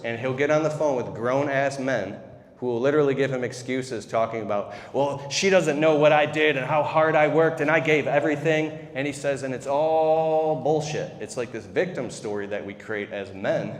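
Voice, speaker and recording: Brief: male keynote speaker, candid and swearing, mid pitch, long reverb of a large convention hall. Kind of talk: keynote speech told as a personal story.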